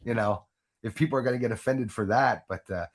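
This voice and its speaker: A man's voice: medium pitch, brisk, breathy edge. A man rambling through a casual live stream from his home setup. He restarts his sentences often and laughs at his own jokes. He talks into a USB microphone. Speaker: livestream host. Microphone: Yeti USB microphone.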